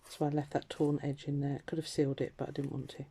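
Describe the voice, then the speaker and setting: A woman's voice: low voice, little pitch movement, fast, dark tone, a little hiss or hum. A woman vlogger chatting casually as she crafts, self-deprecating, muttering asides to herself and sometimes dropping to a whisper. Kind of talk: casual crafting chat while working.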